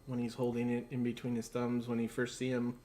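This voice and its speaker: A man's voice: mid-range voice, completely flat delivery, a little fast, mellow, slight background noise. Laid-back rambling man on a stream. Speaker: guest. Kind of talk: casual live-stream chat.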